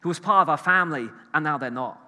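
A man preaching a sermon, animated and emphatic, swinging between loud bursts and hushed asides. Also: on the high side, quick pace, big-room sound.

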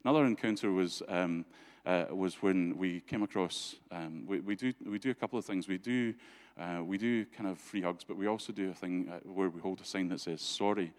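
A man gives a church talk full of stories. He is chatty and often laughs, and he restarts his sentences a lot. His voice sits a little low. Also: a little fast, few pauses. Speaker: church speaker. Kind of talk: anecdotal storytelling talk.

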